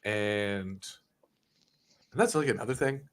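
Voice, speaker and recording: A man's voice: on the low side, slow pace. A young man telling a long, profane, rambling wrestling story as a podcast guest. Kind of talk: casual chat.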